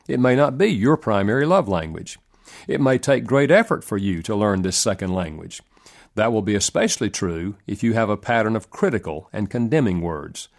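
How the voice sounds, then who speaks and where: A man reading a relationship self-help audiobook in a measured, earnest narration with lively rises in pitch. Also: vocal fry.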